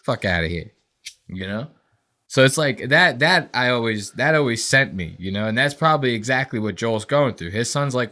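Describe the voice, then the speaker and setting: A young podcast co-host with a medium-pitched voice and moderate pace rambles through profane stories in casual chat. He livens them up with animated impressions.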